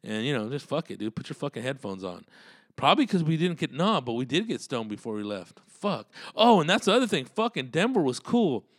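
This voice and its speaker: A man's voice: mid-range voice, big pitch swings, a little fast, no room sound, clean studio sound. A man telling road stories in a casual, profane, rambling monologue and laughing often.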